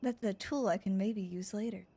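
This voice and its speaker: A young woman streaming a roleplay game, excitable and overwhelmed, swearing as she reacts to her chat. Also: mid-range voice, normal speed, gravelly, breathy edge.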